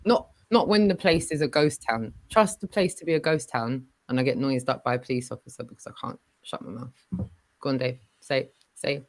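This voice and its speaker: A woman hosting a casual livestream chat, giving shout-outs and telling stories with lots of fillers. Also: a bass voice, moderate pace, dry recording, rough recording. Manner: chatty, warm shout-outs, many fillers. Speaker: livestream host.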